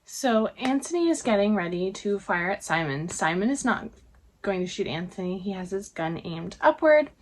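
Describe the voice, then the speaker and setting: A woman's voice: medium pitch, very animated, normal speed, slight background noise. Brief: young woman vlogger, conversational episode recap, chatty storytelling. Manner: chatty retelling with frequent "like".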